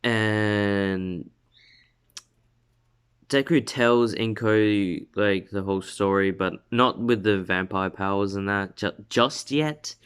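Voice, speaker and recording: A man's voice: on the low side, fairly even intonation, slow, a bit bright, clear, resonant tone. A young man casually telling a made-up story from his room at home, rambling with lots of fillers and self-corrections. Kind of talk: casual spoken fan story.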